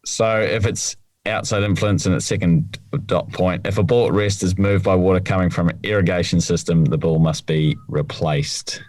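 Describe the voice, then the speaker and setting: A man's voice: low-pitched, fairly even intonation, moderate pace, few pauses, darkish tone, no echo. A man co-hosting a podcast, explaining rules plainly in casual chat. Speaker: podcast co-host, rules expert.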